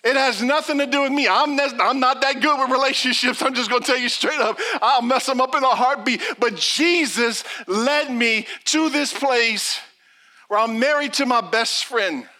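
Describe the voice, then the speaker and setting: A man's voice: extremely high pitch, normal speed. A middle-aged man preaching a sermon as pastor, telling stories and acting out the people in them. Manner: animated storytelling preacher, acts out quotes.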